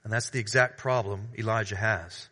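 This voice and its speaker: A man preaching a sermon, reading scripture and then expounding it earnestly, building louder through repeated phrases and dropping soft on asides. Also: lowish voice, steady tone, moderate pace. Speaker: pastor.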